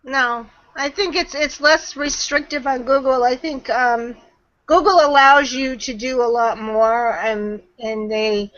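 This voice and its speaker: A woman's voice: high voice, fairly even intonation, a little slow, a bit bright, dull audio. A woman guest answering questions in a webinar chat, chatty and laughing often, often trailing off mid-sentence over a video call. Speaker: guest marketing trainer.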